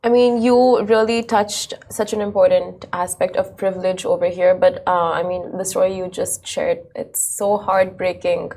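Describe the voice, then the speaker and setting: A woman's voice: on the low side, level tone, normal speed, creaky, few pauses, darkish tone. A woman interviewing a guest, hesitant and full of fillers as she frames her questions.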